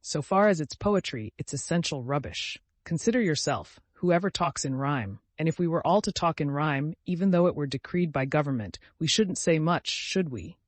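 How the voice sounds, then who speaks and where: A man's voice: a little high, expressive, normal speed, hardly any pauses, dry recording. A man reading as a bitter, conceited young male lackey, speaking curtly and with disdain. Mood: disdainful. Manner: curt, disdainful.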